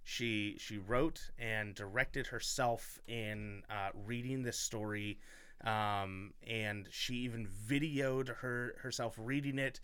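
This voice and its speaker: A man's voice: mid-range voice, fairly even intonation, takes it slowly, fairly bright tone, clear, resonant tone, no room sound. A man hosting a podcast in casual chat, rambling, self-mocking and enthusiastic. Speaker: podcast host.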